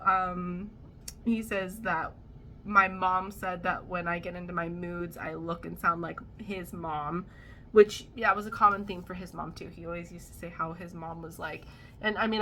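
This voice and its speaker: A young adult woman talks through a casual storytime for her vlog. She rambles, with wry, amused asides. Her voice is bright and forward, with a sharp edge. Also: medium pitch, slight background noise. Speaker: vlogger.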